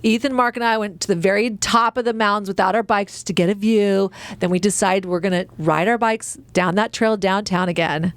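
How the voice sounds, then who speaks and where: A middle-aged woman co-hosting a casual family comedy podcast, telling a story in an animated way, acting out voices with dramatic exclamations. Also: mid-range voice, fairly quick, few pauses, clear, resonant tone, no echo. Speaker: podcast co-host.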